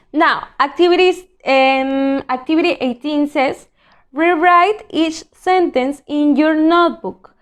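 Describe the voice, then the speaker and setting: Slow, high-voiced woman teaching children. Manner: slow, clear, patient classroom delivery. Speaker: English teacher. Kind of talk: recorded online lesson for children.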